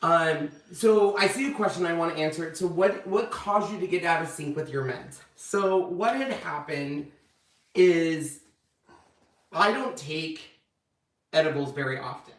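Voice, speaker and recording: A man's voice: unhurried, echoey room, recorded from a distance, rough recording. A man hosting his own channel, casually telling viewers a story and acting out the quotes. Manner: animated, acts out quotes with big pitch jumps. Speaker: channel host.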